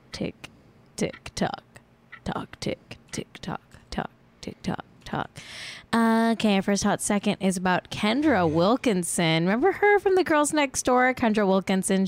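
A woman in her thirties from California hosting a casual celebrity-news chat on a live stream, rambling and laughing at herself. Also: mid-range voice. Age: 30s. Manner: rambling, self-mocking and giggly. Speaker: podcast host.

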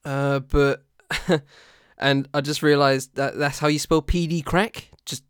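A man's voice: fairly high pitch, steady tone, a little slow, a bit bright, clean tone, no room sound, clean studio sound. A man co-hosting a casual podcast chat, rambling and hesitant with frequent laughter. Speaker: podcast co-host.

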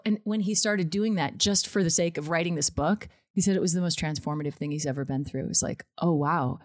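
A woman's voice: low-pitched, fairly even intonation, fast talker, few pauses, darkish tone, dry recording, studio quality. A woman guest on a podcast talking candidly and emotionally in casual conversation. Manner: candid, emotional, laughs easily.

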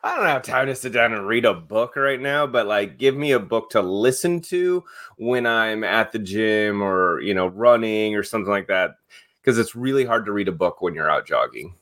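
Low-voiced upbeat male podcast host. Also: animated, moderate pace, a bit bright. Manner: upbeat, reads stories conversationally. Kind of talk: casual chat and news rundown.

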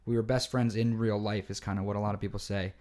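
A young adult man co-hosting a podcast, telling lively anecdotes in casual chat. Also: on the low side, fast talker. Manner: lively anecdotes with many backchannel mm-hmms. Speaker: podcast co-host.

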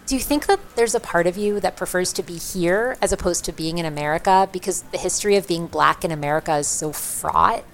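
A woman's voice: fairly low pitch, fairly quick, gravelly, hardly any pauses, a little hiss or hum. A woman interviewing someone, curious and blunt in her questions. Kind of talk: conversational interview.

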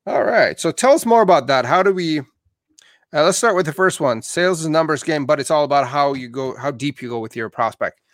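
A man's voice: a little high, lively intonation, no room sound. Man hosting, dry close sound. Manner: short prompts and quick agreement. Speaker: podcast host. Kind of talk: interview questions.

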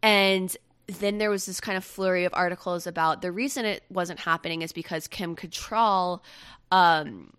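A young woman hosting a casual pop-culture chat, gushing and chatty with quick asides. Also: lowish voice, fairly bright tone, smooth. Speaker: podcast host.

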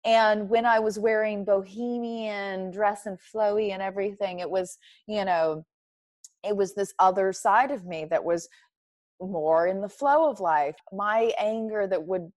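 A woman's voice: medium pitch, measured pace, a little mellow, dry recording, lo-fi sound. A woman speaking candidly as an interview guest, reflective and emphatic, often laughing. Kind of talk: candid personal conversation.

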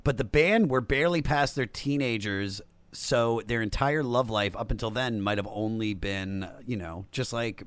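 A man's voice: medium pitch, normal speed, no room sound. Chill guy podcast host, swears a bit, totally dry close sound. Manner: relaxed, swears casually. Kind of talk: casual interview chat.

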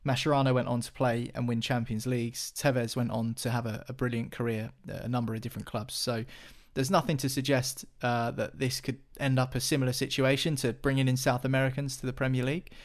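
A man's voice: mid-range voice, flat delivery, fairly quick, hardly any pauses. Chatty male football pundit. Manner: chatty, many restarts and fillers. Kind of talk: casual football chat.

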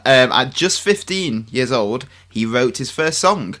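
A man co-hosting a book podcast, with a bright, forceful voice. He reads his lines with nervous little laughs and playful asides. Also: medium pitch, lively intonation, a little slow. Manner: nervous laughs, mock Scottish attempts. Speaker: podcast co-host. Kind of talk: scripted podcast banter.

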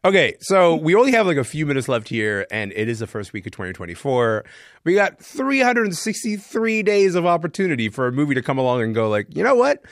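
A man's voice: a little high, big pitch swings, fairly quick, dry recording, clean studio sound. A man hosting a culture podcast, asking guests playful questions about films. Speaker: host. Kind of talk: podcast discussion.

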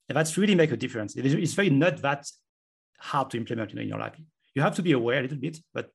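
A guest author speaks quickly in a medium-pitched voice that's gravelly and slightly rough. He lays out his ideas earnestly during a conversational interview, working through examples as he goes.

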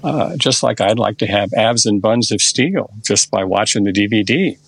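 In a podcast interview, an older therapist takes his time narrating a session step by step, conversational throughout. His fairly low voice is animated, creaky and husky, and the recording is dry.

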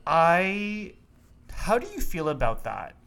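A man's voice: a little high, sing-song, takes it slowly, vocal fry, a bit bright. Sassy playful podcast co-host man. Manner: playful and sassy, laughs a lot. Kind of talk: casual chat.

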